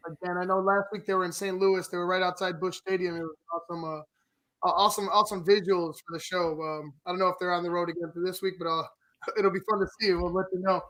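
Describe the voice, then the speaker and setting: A man, the show's producer, chatting in a relaxed, rambling way with many fillers. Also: high-pitched, fast. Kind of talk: casual sports show chat.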